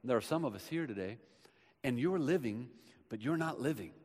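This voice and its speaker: A man preaching a sermon as pastor, swinging between hushed, quiet passages and loud, emphatic bursts. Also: mid-range voice, animated, fairly quick. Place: church sanctuary. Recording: long reverb of a large hall.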